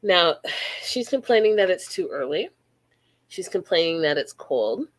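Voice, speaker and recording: A woman from Canada hosting a casual reality TV recap, blunt and animated, acting out quotes. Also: on the low side, unhurried.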